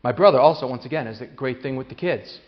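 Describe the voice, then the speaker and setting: A man giving a parenting talk to an audience, telling lively stories and acting out the voices of the people in them, with many restarts. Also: medium pitch, fast talker. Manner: animated storyteller, acts out quoted voices, many restarts. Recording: long hall reverb, dull lo-fi sound.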